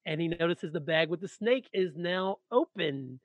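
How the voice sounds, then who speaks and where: A man with a high-ish voice tells a story in relaxed podcast chat, dropping in asides as he goes. His voice is close and dry, and the recording is slightly dull. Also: normal speed, dry recording. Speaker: podcast co-host. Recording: muffled, lo-fi sound.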